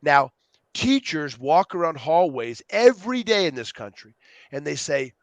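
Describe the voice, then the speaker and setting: Animated man telling stories, higher voice. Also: unhurried, no echo. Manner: animated storyteller, acts out quotes. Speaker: guest, youth program co-founder. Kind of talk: podcast interview.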